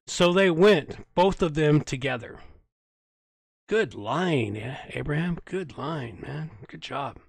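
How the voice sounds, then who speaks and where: Man, bible reading host, casual commentary, wry sarcastic asides, self-correcting, slow, dry close sound. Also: a little high, creaky, no room sound. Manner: stumbles and corrects himself while reading.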